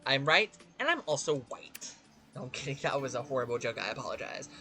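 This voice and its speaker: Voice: mid-range voice, very animated, quick pace, bright, forceful tone, faint music behind. A gaming channel host giving goofy, jokey let's-play commentary, breaking off to sing to themself. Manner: goofy, jokey, sings to self.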